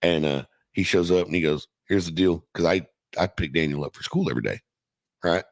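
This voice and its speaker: A man's voice: sits low, brisk, no echo. A middle-aged man casually telling a profane, laughing story from his youth as a podcast guest.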